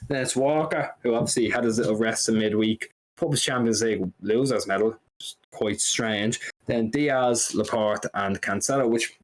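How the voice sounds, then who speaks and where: A man, co-hosting a casual football podcast, rambling and animated as he talks through his opinions. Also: lowish voice, moderate pace. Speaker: podcast co-host.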